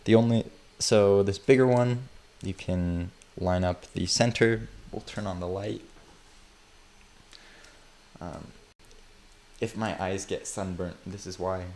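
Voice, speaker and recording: A man's voice: deep voice, steady tone, slow, pauses often, darkish tone. A man casually chatting on a livestream while he works on a build, rambling and joking at his own expense. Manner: rambling, self-mocking, chuckles often.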